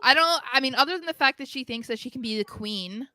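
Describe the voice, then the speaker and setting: Young woman, podcast co-host, chatty recap voice: bright and crisp, close and dry. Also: high voice, lively intonation, quick pace, no room sound. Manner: chatty, full of fillers, acts out quotes. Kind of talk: casual wrestling recap chat.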